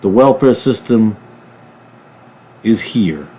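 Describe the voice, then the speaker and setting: A man from a ministry channel giving a political commentary monologue, emphatic, jumping from loud bursts to low mutters. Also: lively intonation, takes it slowly, slightly rough. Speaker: ministry preacher.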